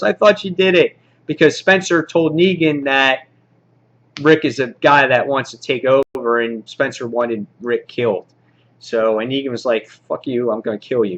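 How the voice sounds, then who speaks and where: A man casually reviewing a comic book, rambling excitedly and acting out the characters' lines. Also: fairly high pitch, dull audio.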